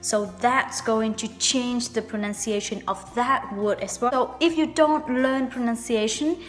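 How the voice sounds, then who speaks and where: A woman's voice: on the high side, big-room sound. Vietnamese-accented woman teaching English pronunciation. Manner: slow, emphatic teaching delivery. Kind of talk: video lesson.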